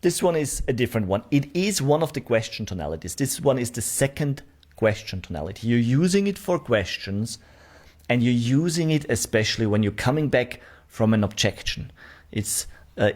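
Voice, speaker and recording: A man teaching a sales course, demonstrating question tonalities and checking in often with the learner. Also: medium pitch. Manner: talks straight to the learner, checking with "right?". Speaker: sales trainer. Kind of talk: online course lesson.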